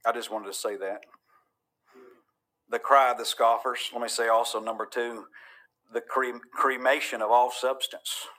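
A man's voice: mid-range voice, fairly even intonation, moderate pace, pauses often, bright, forceful tone. A man from Georgia preaching a sermon, folksy and joking one moment, fervent and thundering the next. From Georgia, USA. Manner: fervent, folksy, cracks jokes then thunders.

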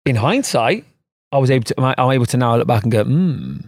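An animated man rambles through a casual podcast chat and often pokes fun at himself. His pitch rises and falls a lot. The sound is dry and close to the mic. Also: fast talker, no echo. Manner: animated, rambling, self-mocking. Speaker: podcast co-host.

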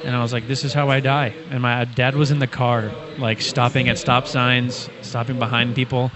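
A man's voice: medium pitch, little pitch movement, moderate pace, crowd noise. A man in his twenties in casual chat, telling a story animatedly and acting out the quotes. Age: 20s.

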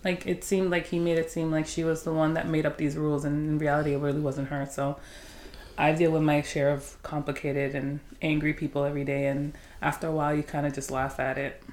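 A woman with a low voice for her sex speaks in a matter-of-fact way during a casual chat. Her voice rings with noticeable room echo. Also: little pitch movement, a little fast, a little mellow.

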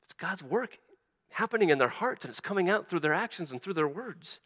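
A man preaching a sermon as a pastor, animated, acting out quoted voices, often stumbling and restarting. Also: sits high, a little fast, big-room sound.

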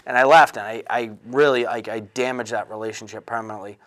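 A man in his thirties gives a candid personal testimony in an earnest, halting manner. He restarts often and fills pauses with fillers, and his voice sits in a middle pitch. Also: fairly even intonation, fairly bright tone. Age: 30s. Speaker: person in recovery telling his story.

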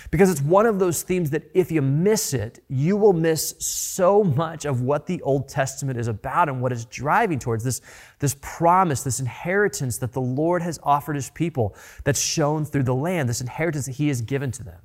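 A man's voice: fairly high pitch, normal speed. A man preaching a sermon in an earnest way, often repeating words as he builds a point. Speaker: pastor.

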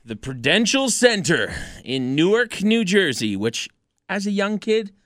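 A man's voice: high voice, big pitch swings, measured pace, a bit bright, no room sound, clean studio sound. A man hosting a casual podcast, recapping events from notes in a laid-back way with joking asides. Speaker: podcast host. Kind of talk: casual wrestling podcast chat.

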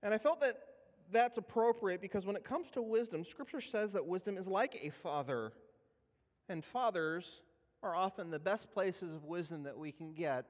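Pastor, man, 30s, high-pitched, chatty sermon storytelling, hall reverb. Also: animated, moderate pace. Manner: conversational, self-deprecating, with frequent fillers and restarts. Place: church sanctuary. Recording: echoey hall.

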